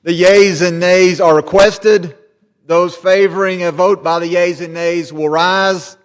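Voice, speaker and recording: A man presiding over a legislative session, reading routine procedural calls briskly. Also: sits high, fairly even intonation, smooth. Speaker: presiding officer. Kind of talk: formal parliamentary procedure. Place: large legislative chamber. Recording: long reverb of a large chamber.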